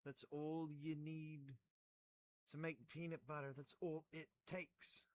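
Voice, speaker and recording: A man's voice: a little high, steady tone, takes it slowly, a bit bright, dry recording. A man talking casually to the camera while he crafts, rambling and joking at his own expense. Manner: rambling, self-mocking, plays with words. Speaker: hobby crafter making model trees.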